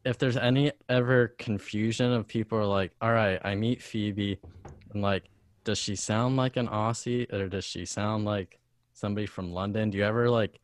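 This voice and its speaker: A man's voice: on the low side, fairly even intonation, normal speed, no room sound. A young American man, a guitarist hosting a casual chat, rambling with many fillers in an upbeat way. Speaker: host, guitarist.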